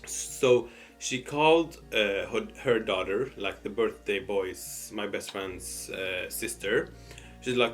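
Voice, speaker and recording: A man's voice: fairly low pitch, a little slow, a bit bright, soft background music. A man casually telling a personal story while eating, hesitant and full of fillers and restarts. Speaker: storytime host.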